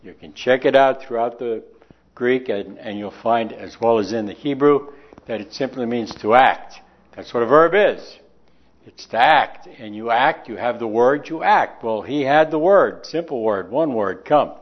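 A man preaching a sermon in a folksy, conversational way, slowing down to stress key words. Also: medium pitch. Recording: dull lo-fi recording.

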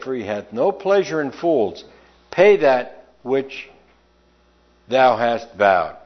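A man's voice: medium pitch, dull audio. A man preaching a sermon, emphatic and conversational, often asking his listeners questions.

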